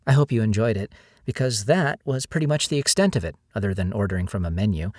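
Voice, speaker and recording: A man's voice: fairly low pitch, expressive, fast talker, darkish tone, no echo, studio quality. A man voicing a bubbly, playful young woman who teases as she talks, read in an audiobook.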